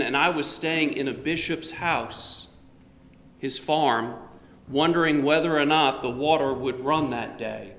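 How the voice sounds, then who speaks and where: A man preaching a sermon in a church, speaking in a slow, measured way with touches of light humor. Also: on the high side, fairly bright tone. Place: church sanctuary. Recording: roomy church with long reverb.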